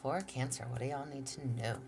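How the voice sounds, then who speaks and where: A woman's voice: extremely low pitch, fairly quick, over music. A woman hosting a casual tarot reading from home, chatty, laughing often and saying y'all. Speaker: tarot reader, channel host.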